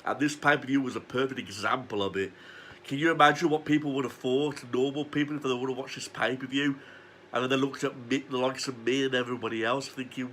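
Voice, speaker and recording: A man's voice: mid-range voice, fast talker, a bit bright, slight background noise. Foul-mouthed ranting man. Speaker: wrestling reviewer. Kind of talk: ranting review monologue.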